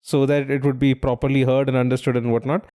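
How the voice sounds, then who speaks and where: A man's voice: medium pitch, level tone, fast talker, mellow, smooth. A man co-hosting a quiz podcast, giving clues and explaining trivia at length in casual chat.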